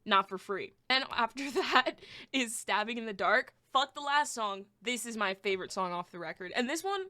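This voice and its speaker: Young woman podcast host, bright voice, super excitable, swears a ton, gushes then rants. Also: on the high side, normal speed. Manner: excitable, swears freely, gushing and blunt. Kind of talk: casual album review.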